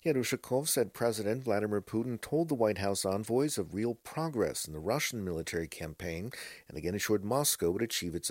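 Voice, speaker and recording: A man filing a radio news report as a correspondent in a steady reporting tone. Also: on the low side, no echo, clean studio sound. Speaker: foreign correspondent.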